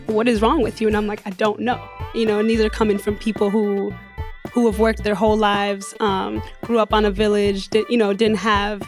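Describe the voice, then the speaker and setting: A woman from Africa, a poet and youth worker, sharing personal testimony at a community gathering in an earnest, reflective way. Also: medium pitch.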